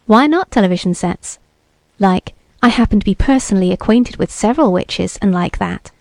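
A woman's voice: mid-range voice, lively intonation, moderate pace, vocal fry, darkish tone, no room sound. A woman reading the lines of a bearded young beatnik TV repairman who talks in laid-back hip slang and sounds sure of himself. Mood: ominous.

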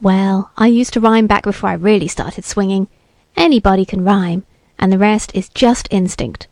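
A woman's voice: mid-range voice, normal speed, darkish tone, no echo, natural voice. A woman reading the lines of a bearded young beatnik TV repairman who talks in laid-back hip slang and sounds sure of himself. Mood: assured.

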